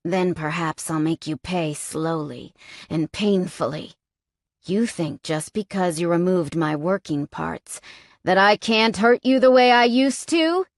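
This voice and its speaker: A woman voicing a sadistic, taunting male captor in an audiobook, speaking in low, slow, menacing tones. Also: dry recording, studio quality.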